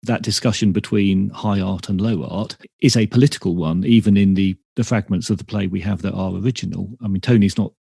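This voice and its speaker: A man hosting a podcast interview, talking in a measured, reflective way. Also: sits low, fairly even intonation, vocal fry, dark tone, husky, no room sound, studio quality. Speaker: podcast host. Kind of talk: conversational interview.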